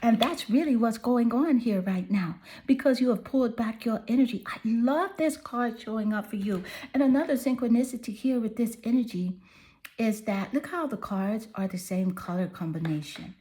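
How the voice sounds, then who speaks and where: A woman's voice: a little high, normal speed, warm tone. A woman giving a pick-a-card tarot reading to her viewers, talking in a soothing, affirming and chatty way. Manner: soothing, affirming, chatty with "you know" fillers. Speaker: tarot reader.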